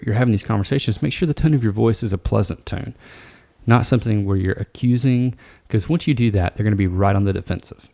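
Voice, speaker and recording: A man's voice: fairly low pitch, gravelly, warm tone. A man hosting a solo podcast, giving workplace advice in a casual, direct coaching tone. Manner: casual, direct, coaching tone with frequent "all right". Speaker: podcast host.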